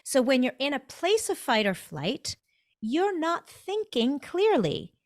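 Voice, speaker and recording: A woman speaking as a dentist guest on a podcast, emphatic and animated, stressing her points with repetition. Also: high voice, slow pace, no room sound, clean studio sound. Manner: emphatic, animated, acts out inner thoughts. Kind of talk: motivational conversational talk.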